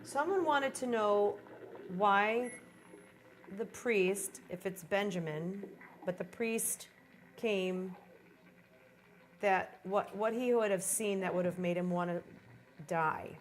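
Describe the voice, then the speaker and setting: A woman from Iowa, a paranormal investigator reacting excitably on a live ghost-hunting stream. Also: mid-range voice, a little hiss or hum, poor audio. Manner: excitable, quick reactions, exclamatory.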